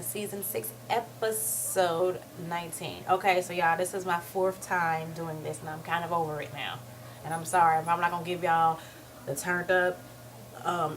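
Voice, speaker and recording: A woman's voice: on the high side, fairly bright tone. Sassy woman ranting recap. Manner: sassy, fired-up, swears freely. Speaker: reality TV recap vlogger.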